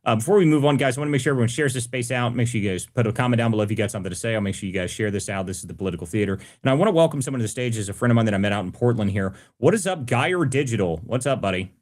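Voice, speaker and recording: A man hosting a live political audio space, talking quickly and eagerly. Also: lowish voice, darkish tone. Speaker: host.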